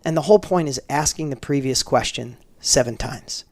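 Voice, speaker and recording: A man's voice: medium pitch, moderate pace, no echo. A middle-aged man, a guest in an interview, telling a personal story emphatically and acting out the dialogue. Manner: emphatic, animated, acts out quoted dialogue.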